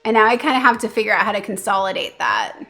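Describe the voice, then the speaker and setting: A woman streaming casually, chatting with viewers and cooing softly to her pet between thoughts. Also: mid-range voice, very animated, fast talker, soft background music. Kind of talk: casual livestream chat.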